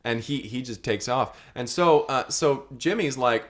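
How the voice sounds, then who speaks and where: A man co-hosting an improvised comedy podcast, jumping in often and slipping into goofy voices. His pitch sits in an ordinary middle range for a man. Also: unhurried. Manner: chimes in often, acts out silly character voices. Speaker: podcast co-host.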